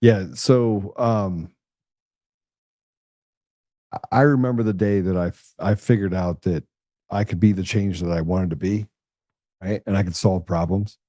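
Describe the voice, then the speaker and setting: Low, mellow-voiced male podcast host. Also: fairly even intonation, unhurried, long pauses, no echo, clean studio sound. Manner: blunt, swears casually, acts out quoted voices. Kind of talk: casual conversational storytelling.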